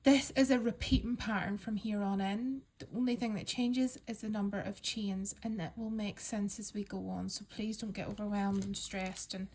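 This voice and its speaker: A woman calmly talking learners through a crochet pattern step by step, counting stitches aloud and reassuring them. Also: mid-range voice, normal speed, hardly any pauses, husky. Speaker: crochet instructor. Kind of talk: step-by-step craft tutorial.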